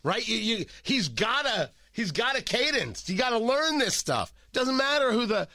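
A man hosting opinionated political talk radio, sarcastic and animated, often repeating and restarting his words, a little stuffy from a cold. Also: very high voice, normal speed, no room sound, studio quality. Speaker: radio talk show host.

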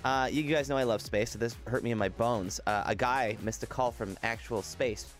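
A man co-hosting a morning radio show, telling a story in animated, casual banter. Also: medium pitch, normal speed, faint music behind. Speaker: radio co-host.

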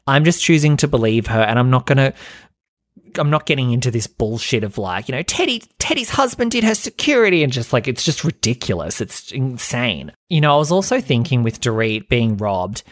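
A man's voice: medium pitch, animated, fairly quick, no room sound, studio quality. Chatty, profane man recapping gossip. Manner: chatty, profane, filler-heavy, mocking quotes. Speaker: podcast host.

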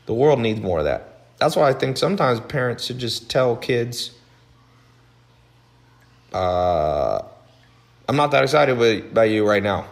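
A man hosting a podcast, talking bluntly and animatedly in a casual monologue, his voice swinging between loud and low. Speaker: podcast host.

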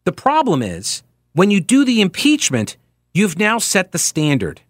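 Animated, high-voiced talk radio host. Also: male voice, measured pace, dry recording, clean studio sound. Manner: animated, sarcastic, frequent asides and mocking quotes.

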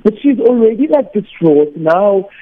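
A man's voice: high voice, unhurried. Man telling a story over a phone line. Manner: animated anecdote, acts out quoted voices. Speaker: teacher and weekend radio host, phone guest.

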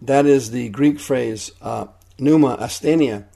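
A man's voice: medium pitch, measured pace, creaky, mellow, slightly rough. A man preaching a radio sermon, teaching with emphatic repetition. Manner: emphatic, repeats key points.

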